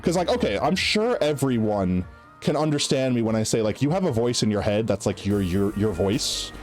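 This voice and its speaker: A man's voice: lowish voice, animated, moderate pace. A man streaming live with a somewhat nasal voice that swings up and down a great deal as he rambles to his chat. His talk is loose and casual, full of "like" and "right?", with faint game music under it. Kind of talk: casual chat while gaming.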